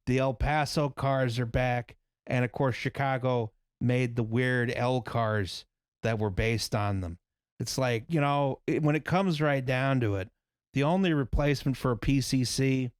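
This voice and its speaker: A man's voice: mid-range voice, unhurried, smooth, dry recording, studio quality. A man hosting a casual podcast, joking sarcastically with his co-hosts. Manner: wry, sarcastic, reads listener letters. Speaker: podcast host.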